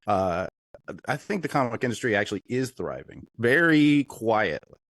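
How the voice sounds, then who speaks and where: A man's voice: medium pitch, big pitch swings, normal speed, a bit bright, no echo. A man guesting on an interview show, eagerly explaining his field and thinking aloud as he goes. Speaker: interview guest, industry consultant. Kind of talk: casual interview.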